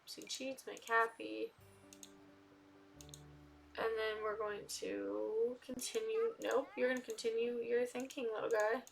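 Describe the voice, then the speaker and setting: A young woman casually commenting on a life-sim game, chatting to the characters and getting loudly indignant at times. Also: on the high side, fairly even intonation, normal speed, creaky, hardly any pauses, faint music behind. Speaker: gaming video creator.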